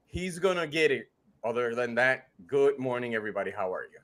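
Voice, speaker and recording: A man co-hosting a casual gaming podcast, playful and animated as he tells his side. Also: mid-range voice, fairly quick. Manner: playful mock threats, animated storytelling. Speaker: podcast co-host.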